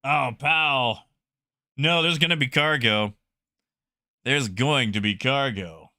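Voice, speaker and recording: A man streaming a space game live, talking to his chat in an excitable way and often repeating himself. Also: mid-range voice, slow, no echo, clean studio sound. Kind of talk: live gameplay commentary.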